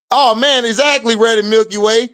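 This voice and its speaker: Hosting a livestream, a man casually comments on and reacts to chat, drawling, laughing often and speaking in slang. His voice is very high-pitched and a bit bright.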